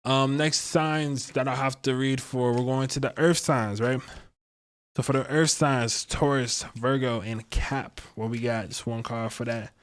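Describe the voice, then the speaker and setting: A man's voice: mid-range voice, steady tone, unhurried. A man giving a casual livestream astrology and tarot reading, rambling and chatty with lots of slang.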